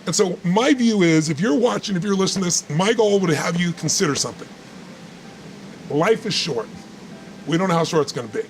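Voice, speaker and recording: A man's voice: high-pitched, animated, a little fast, a little hiss or hum. A man giving motivational talk in conversation, emphatic and repetitive, telling stories to make his point. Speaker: motivational speaker.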